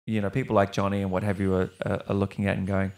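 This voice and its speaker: A man's voice: sits low, level tone, very fast, a little mellow. A young man, an actor, talking casually and rambling as a podcast guest. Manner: rambling, with many restarts and mild swearing. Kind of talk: casual interview chat.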